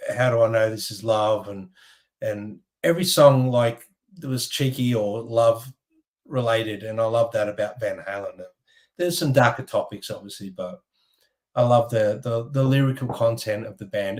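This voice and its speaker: A low-pitched man chats on a live music stream. He talks in a loose, rambling way, full of fillers, and gets openly heartfelt. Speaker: co-host. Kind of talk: casual live-stream chat.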